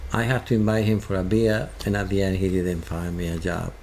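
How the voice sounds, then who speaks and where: A man with a Spanish accent, a guest telling a halting, animated story in an interview. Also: deep voice. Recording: faint background noise.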